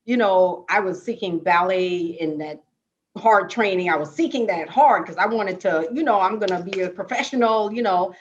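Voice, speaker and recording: Jamaican-born woman telling a lively story. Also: medium pitch, normal speed, dull audio. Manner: lively, animated storytelling with many rhetorical "right?"s. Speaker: dance panelist. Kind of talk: casual storytelling on a panel.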